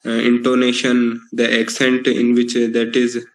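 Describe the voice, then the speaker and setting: A man's voice: mid-range voice, monotone, moderate pace, poor audio. A man with an Indian accent, a student giving a practice talk in English, hesitant with many fillers. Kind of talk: classroom speaking practice.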